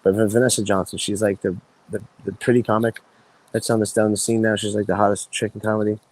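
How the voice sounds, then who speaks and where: A man in his thirties, a podcast guest, telling rambling stories in casual chat with many restarts and lively quoted voices. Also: fairly low pitch, fast, no room sound, poor audio. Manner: rambling, animated voices when quoting friends, frequent restarts.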